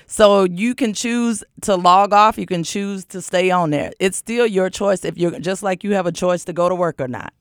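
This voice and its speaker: Measured woman co-host. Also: lowish voice, clear, resonant tone, no room sound, clean studio sound. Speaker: radio co-host. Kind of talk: talk radio discussion.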